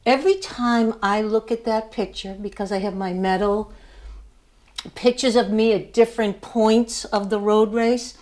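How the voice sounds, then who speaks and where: A woman's voice: medium pitch, steady tone, measured pace, a little mellow. An older woman giving a motivational speech to her class, telling a story with emphasis and laughing at herself. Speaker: student speaker.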